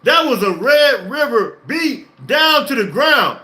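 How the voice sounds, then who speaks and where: An excited man hosting a sports reaction stream, talking emphatically, repeating himself and laughing often. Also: very high voice, slow pace. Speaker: podcast host. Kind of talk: live-stream sports reaction, reading chat.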